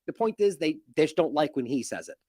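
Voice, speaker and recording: A man hosts an independent news commentary show, speaking quickly with a lively, swooping delivery. His tone is indignant and mocking. The sound is dry and close to the mic, with a slightly high voice. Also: no echo. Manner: animated, indignant, mocking with sarcastic quotes.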